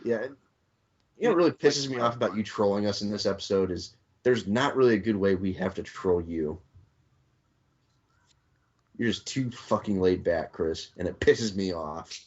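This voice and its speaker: A man's voice: on the low side, normal speed, pauses often, a little mellow. A man co-hosting a podcast, blunt and sarcastic in casual chat. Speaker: podcast co-host. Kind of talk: wrestling review podcast chat. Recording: dull lo-fi podcast audio.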